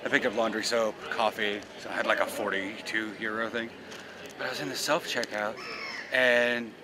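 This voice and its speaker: A man's voice: fairly low pitch, low-quality recording. A man chatting casually while walking and filming himself with a handheld camera, rambling through stories on a city street. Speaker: vlogger. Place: outdoors on a city street and in shops. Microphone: handheld camera, no tripod.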